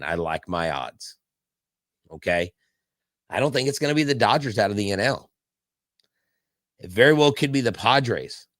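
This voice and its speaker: A man's voice: on the low side, a bit bright, no echo, clean studio sound. A male podcast host, giving fired-up sports commentary in an emphatic pep-talk style full of rhetorical questions. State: hyped up.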